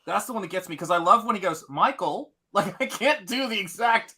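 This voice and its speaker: A man hosting a casual late-night livestream, animated and quick to laugh, talking in fast bursts. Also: sits high. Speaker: host.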